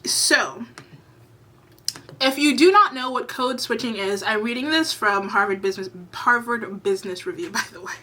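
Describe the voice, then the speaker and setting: A woman's voice: on the high side, moderate pace, sharp tone. A woman giving opinionated commentary to her camera, blunt and exasperated, swearing freely. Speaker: commentary vlogger. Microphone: camera mic.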